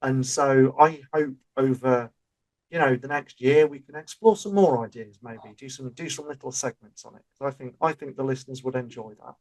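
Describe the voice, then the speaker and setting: A man's voice: mid-range voice, fairly even intonation, moderate pace, darkish tone, poor audio. A man co-hosting a podcast. He talks in an easy, chatty way and explains ideas through everyday examples. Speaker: podcast co-host. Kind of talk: casual chat.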